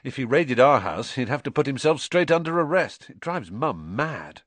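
A scheming teenage wizard talks in a lively, bouncing voice, as a male narrator puts him on. The storybook read is close and dry. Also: medium pitch, normal speed, no echo, voice pushed up. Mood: amused. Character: mischievous teenage boy wizard, scheming twin.

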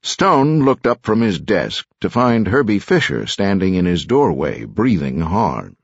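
Slow, husky male audiobook narrator. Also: sits low, very animated, dry recording. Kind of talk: scripted narration. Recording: dull, muffled dry studio sound.

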